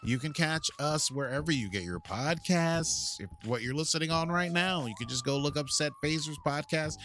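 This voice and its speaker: A man's voice: a little high, moderate pace, a bit bright, slight background noise. An American man co-hosting a podcast in casual chat, playful and fond of silly voices. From United States. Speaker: podcast co-host.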